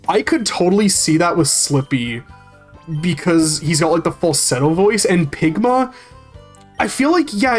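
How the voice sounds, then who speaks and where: A game streamer chatting casually while playing, rambling and swearing freely as they read and answer chat. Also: medium pitch.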